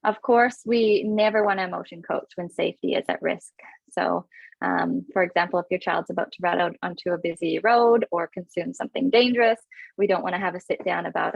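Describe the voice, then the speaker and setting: Fast-talking woman hosting a parenting webinar. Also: lowish voice, gravelly, husky, no echo. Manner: quick, with many fillers and restarts. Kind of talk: webinar talk. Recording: dull, dry webinar audio.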